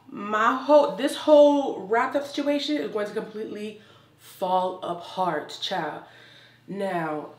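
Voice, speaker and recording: A young woman fashion vlogger, medium-pitched and unhurried, shows off a swimsuit try-on haul. She's sassy and exuberant in casual chat, often saying "child," and the recording sounds roomy and distant.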